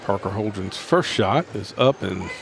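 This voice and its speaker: A man calling live basketball play-by-play from a high school gym, running the action steadily and correcting himself quickly. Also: animated, gravelly, very noisy. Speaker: play-by-play announcer. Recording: gym ambience and ball bounces.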